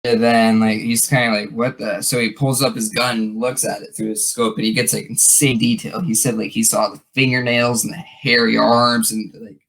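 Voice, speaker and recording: A man's voice: medium pitch, little pitch movement, normal speed, few pauses, a bit bright, low-quality recording. A man hosting a podcast, telling a story in a rambling casual way with many fillers and restarts. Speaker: podcast host.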